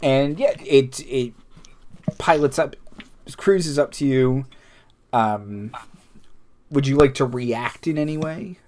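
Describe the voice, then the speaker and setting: A man running a tabletop session as game master, describing the scene at an unhurried, slow pace. His delivery is halting, with frequent fillers and self-corrections. His pitch sits in an ordinary middle range. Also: darkish tone. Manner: halting, full of fillers and restarts.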